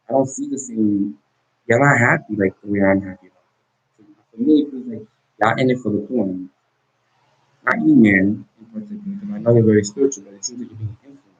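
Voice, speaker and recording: Husky man, intense pleading monologue. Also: fairly low pitch. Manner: intense, pleading and confrontational, halting repetitions. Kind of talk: emotional direct-to-camera monologue. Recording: dull lo-fi recording.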